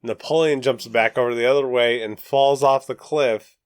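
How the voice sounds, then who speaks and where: A man's voice: medium pitch, fairly even intonation, moderate pace, no echo, studio quality. Laid-back man co-hosting a podcast. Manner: laid-back, retells plot step by step, laughs easily. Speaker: podcast co-host. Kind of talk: casual chat recapping a film. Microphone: studio microphone.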